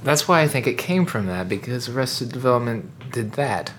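A man co-hosting a podcast, rambling through an animated, joking recap of a movie. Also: medium pitch, moderate pace, a little hiss or hum. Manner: rambling, animated storytelling with laughs. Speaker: podcast co-host. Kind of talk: casual comedic chat recapping a movie.

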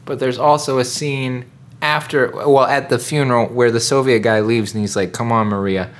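A man co-hosting a podcast, rambling through an animated, joking recap of a movie. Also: medium pitch, moderate pace. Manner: rambling, animated storytelling with laughs. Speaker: podcast co-host. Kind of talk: casual comedic chat recapping a movie.

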